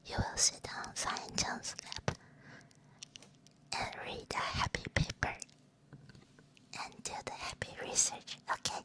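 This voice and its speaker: A young woman VTuber speaks slowly and pauses often in a playful, giggly whispered role-play recorded on a binaural 3Dio microphone. She reads prompts aloud and slips in Chinese and Japanese phrases.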